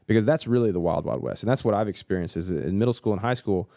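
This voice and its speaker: Guy in his 30s, lowish mellow voice, thinks out loud w lots of restarts, dry close sound. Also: fast talker, no echo. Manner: thoughtful, repeats words as he thinks aloud. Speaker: podcast co-host. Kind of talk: casual discussion.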